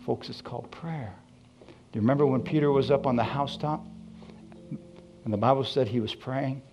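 A man preaching a sermon, telling his story with lively acted-out dialogue. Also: mid-range voice, fairly quick, pauses often, muffled recording, faint music behind. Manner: animated storytelling, acting out dialogue. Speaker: pastor.

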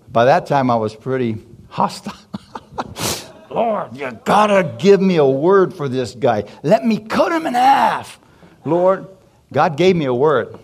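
A man's voice: mid-range voice, a little mellow. A man telling a personal story in a church sermon, stopping often to ask the congregation questions and chuckling as he goes. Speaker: preacher giving testimony. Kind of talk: sermon testimony.

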